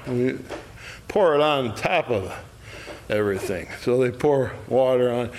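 A man teaching an adult Bible study, retelling a story with lively acted quotes and chuckles. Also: mid-range voice, unhurried.

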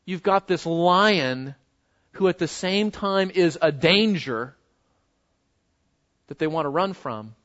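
A man's voice: on the high side, expressive, takes it slowly, pauses often, a bit bright, muffled recording. A man preaching an expository sermon as pastor, emphatic, swinging from raised stresses down to near murmurs and asking his listeners rhetorical questions.

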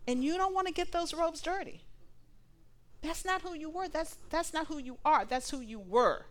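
A woman preaching a sermon to a live congregation, animated and playful, acting out little dialogues. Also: high-pitched, moderate pace. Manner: animated, laughing asides, acts out dialogue.

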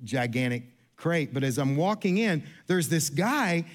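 Preaching in a church sanctuary, a pastor with a high-ish, lively voice speaks a little slowly as he tells a story. He's chatty and self-deprecating, restarts often, and acts out the people he quotes.

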